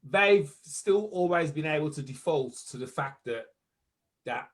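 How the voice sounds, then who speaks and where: A man in a casual podcast discussion, talking in an animated way and joking around. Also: a little high, measured pace.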